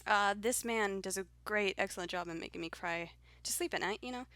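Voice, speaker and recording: A woman's voice: medium pitch, brisk, a bit bright, no room sound. A young woman hosting a casual podcast chat, playful and teasing, laughing often. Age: young adult. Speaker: podcast host.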